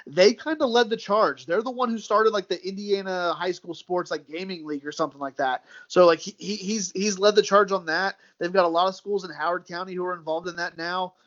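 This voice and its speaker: A man's voice: high voice, brisk, hardly any pauses, a bit bright, lo-fi sound. A man with a Midwestern American accent, chatting loosely as a podcast guest, repeating words and calling his host "dude" and "man". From United States. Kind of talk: casual chat.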